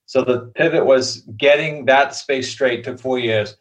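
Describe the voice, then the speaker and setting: A man's voice: mid-range voice, a little slow. Casting note: man in his fifties, reflective guest, slightly dull recording. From Boston area. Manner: reflective, conversational. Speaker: podcast guest. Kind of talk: interview answers.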